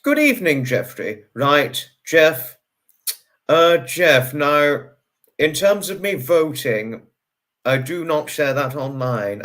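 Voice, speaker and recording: Guy on his livestream, chatty, pops up high on every hello, mid-pitched voice. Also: a bit bright. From United Kingdom. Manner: chatty, greets viewers with sudden high bursts. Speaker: livestream host. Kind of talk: casual livestream chat, reading out viewer comments.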